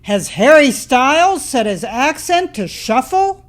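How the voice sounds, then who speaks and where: A woman with a high voice narrates a packaged entertainment news story. Her reporting is scripted and lightly playful, with a crisp broadcast delivery. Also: sing-song, unhurried, background noise.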